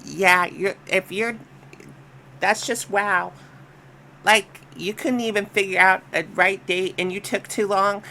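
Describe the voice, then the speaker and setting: A woman co-hosting a casual reaction chat, conversational and quick to agree and riff on the stories. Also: mid-range voice, fairly even intonation, gravelly, sharp tone, slight background noise.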